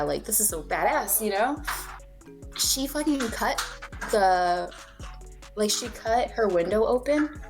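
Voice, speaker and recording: A young woman co-hosting a podcast, casually telling a personal story, swearing freely and acting out what people said. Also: medium pitch. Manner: candid, swears freely, acts out quoted dialogue. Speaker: podcast co-host.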